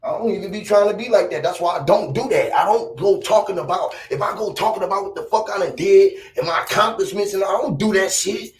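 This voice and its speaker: A man with a fairly high voice rants in a loose, boastful and profane way, circling back on his points. He sits back from the microphone, and the room rings around him. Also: fast, few pauses, recorded from a distance, a little hiss or hum. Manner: boastful, profane, rambling and emphatic. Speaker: vlogger. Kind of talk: casual rant to camera. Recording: roomy echo, off-mic.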